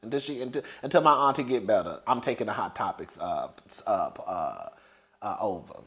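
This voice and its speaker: A man's voice: on the low side, lively intonation, brisk, fairly bright tone. A man giving casual, sassy celebrity gossip commentary, laughing often and calling his listeners "girl". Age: older than young adult.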